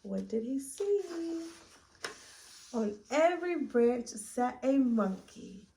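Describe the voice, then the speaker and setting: Woman story-time reader, slow and gentle, mellow tone, pauses to ask kids questions. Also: fairly high pitch, animated, a little hiss or hum, low-quality recording. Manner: gentle, asks listeners questions. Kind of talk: children's read-aloud.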